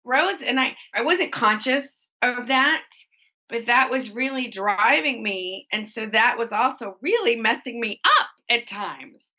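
A woman with a high, bright, clear voice shares her experiences openly in an interview. She often quotes her own thoughts in animated little voices. Her audio comes through somewhat dull and lo-fi, like a remote line. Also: unhurried. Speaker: guest. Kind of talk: candid conversational interview.

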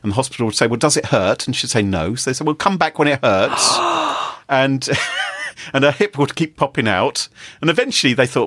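A man co-hosting a podcast, telling a story in casual chat with animated delivery and frequent laughter. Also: medium pitch, normal speed, no echo, clean studio sound. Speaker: podcast co-host.

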